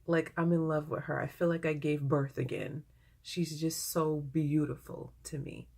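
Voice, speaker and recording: A woman talks to her viewers in a casual vlog. Her voice sits low with a gravelly edge. She gushes and grows emotional as she shares her work. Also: steady tone, moderate pace, a little mellow. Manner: gushing, emotional. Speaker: vlogger.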